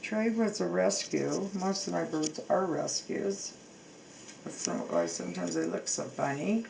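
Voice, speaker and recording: Slow, gravelly-voiced woman showing bird grooming. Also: lowish voice, expressive, poor audio. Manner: slow, halting, with many restarts and fillers; coos softly to her bird. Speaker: bird owner demonstrating grooming. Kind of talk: home how-to demonstration. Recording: loud background noise.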